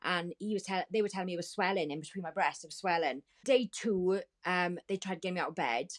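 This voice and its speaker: A woman's voice: lowish voice, fast talker. A woman, a guest in a podcast interview, recounting a personal story vividly, repeating key points and quoting others as she goes. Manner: vivid, repetitive retelling with quoted dialogue.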